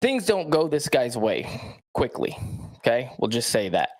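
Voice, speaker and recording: A man's voice: mid-range voice, big pitch swings, unhurried. A man, a professional athlete, telling a story bluntly in short emphatic sentences, often checking in with the listener. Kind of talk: storytelling in a played clip.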